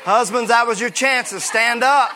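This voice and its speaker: Pastor, male, high bright voice, energetic, joking sermon with congregation repeating lines. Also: moderate pace, some chatter behind, slight background noise. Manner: lively preaching with call-and-response and humor. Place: church sanctuary.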